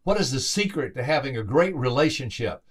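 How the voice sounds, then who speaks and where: A podcast host and motivational speaker tells a motivational story, his husky, mid-range voice moving briskly through emphatic, repeated phrases. When he quotes other people, he acts out their voices with lively lifts.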